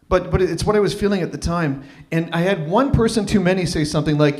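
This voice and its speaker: A man's voice: fairly high pitch, fast talker, hardly any pauses. Man telling a personal story at an open mic. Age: 30s. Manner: animated, acts out quoted voices. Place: live open mic venue.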